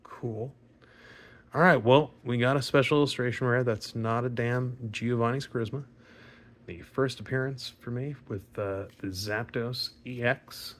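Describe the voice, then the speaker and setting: A man with a raspy voice, chatting casually and rambling with fillers and mild swearing while opening trading card packs. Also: medium pitch, steady tone, moderate pace. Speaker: card pack opening vlogger. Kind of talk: casual pack opening commentary.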